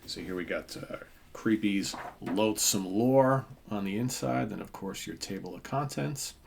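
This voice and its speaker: A man's voice: lowish voice, measured pace, vocal fry, slight background noise. A man in his fifties hosting a comic book show, rambling casually with lots of fillers and asides. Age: 50s. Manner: rambling, filler-heavy, with many asides and tag questions. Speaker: comic book podcast host. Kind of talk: casual show-and-tell commentary.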